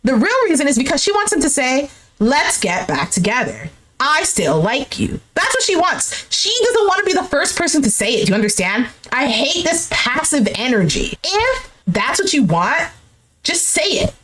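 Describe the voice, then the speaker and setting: A young woman doing a recap of a dating show, reacting with exasperation and swearing, and acting out the cast's lines in a lower voice. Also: sing-song, moderate pace, fairly bright tone. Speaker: recap streamer. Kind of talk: animated reaction commentary.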